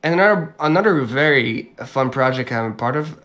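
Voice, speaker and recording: A man's voice: medium pitch, animated, a bit bright. A young man, a voice actor guest, talking casually with many fillers and restarts. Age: young adult. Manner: halting, lots of fillers and restarts. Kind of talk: casual podcast chat.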